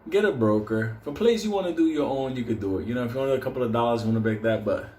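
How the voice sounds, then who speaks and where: A man's voice: medium pitch, animated, racing, mellow. Man, casual rant, heavy swearing, frequent laughs, echoey room. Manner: profane, laughs often, loose and joking. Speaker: host. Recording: roomy echo, faint background noise.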